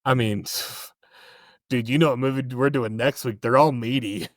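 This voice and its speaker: A man's voice: mid-range voice, unhurried, no room sound, clean studio sound. A man co-hosting a movie podcast in casual chat, with a blunt, teasing manner. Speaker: podcast co-host.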